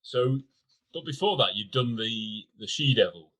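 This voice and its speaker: A man's voice: mid-range voice, animated, measured pace, a bit bright, breathy edge. A man hosting an interview, asking eager follow-up questions. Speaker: podcast host.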